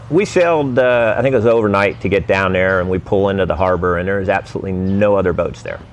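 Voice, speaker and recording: A man's voice: lowish voice, slight background noise. A man telling wry, rambling stories about his sailing travels in a casual, laid-back way. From United States. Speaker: vlogger recounting sailing travels. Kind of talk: casual storytelling.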